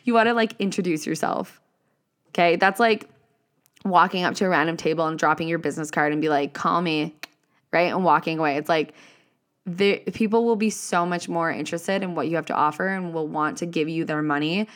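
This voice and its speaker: Speaking a little fast in a lowish voice, this podcast host delivers motivational talk on her own, casual and gushing, peppered with curse words and plenty of "like" fillers.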